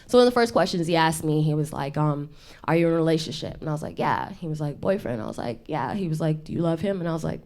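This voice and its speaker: A young woman talks through a stand-up set in a low, dusky voice. She is chatty and self-deprecating, and she laughs between her jokes. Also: expressive, very fast, dark tone. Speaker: stand-up comedian. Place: intimate studio stage with audience.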